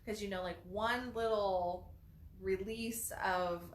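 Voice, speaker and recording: A woman hosting a casual talk on self-development, animated and often acting out quoted phrases in different voices. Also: medium pitch, slow pace. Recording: echoey room.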